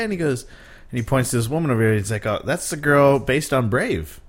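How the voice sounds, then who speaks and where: Man telling an animated anecdote. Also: medium pitch, a little fast. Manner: lively anecdote teller, acts out quoted lines. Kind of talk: casual chat.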